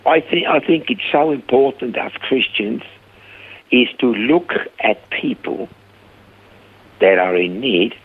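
A man guest telling lively stories about his ministry, acting out the people he quotes, heard over a phone line. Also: mid-range voice, takes it slowly, long pauses, breathy edge. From Australia. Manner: animated storyteller, acts out quoted voices. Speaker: guest, rehab ministry founder. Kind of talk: conversational storytelling interview. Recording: dry phone-line sound.

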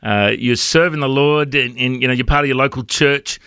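A man's voice: medium pitch, brisk, pushed and bright, clean tone, no echo, clean studio sound. An Australian man hosting a Christian radio show, cheering on his guests with encouraging praise. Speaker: radio host.

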